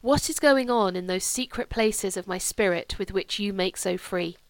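A woman's voice: medium pitch, moderate pace, no echo, lightly acted, low-quality recording. A woman reading a novel, voicing a man who is a sardonic artist speaking in an ornate, brooding, ironic way.

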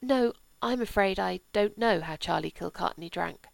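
A woman voicing a gracious aristocratic older lady with a gentle, sweetly ironic manner. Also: mid-range voice, moderate pace, gravelly, no room sound, rough recording.

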